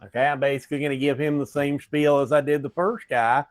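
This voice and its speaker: A man's voice: on the high side, flat delivery, fast talker, no room sound. A man playing a tabletop game, hesitant and stumbling over his words as he plans his character's moves. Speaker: player.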